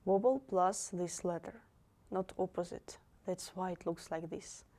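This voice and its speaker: A woman's voice: fairly low pitch, warm tone. A woman with a Russian accent teaching pronunciation, repeating each sound and syllable carefully for beginners. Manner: drills sounds slowly, repeating each one. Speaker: language teacher. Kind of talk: slow pronunciation lesson.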